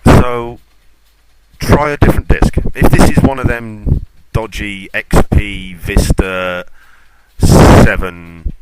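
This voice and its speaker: A man hosting a tech podcast, chatting casually in a rambling, self-mocking way and going off on rants. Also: fairly low pitch. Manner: ranting, self-mocking, off-topic. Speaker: podcast host. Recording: loud background noise.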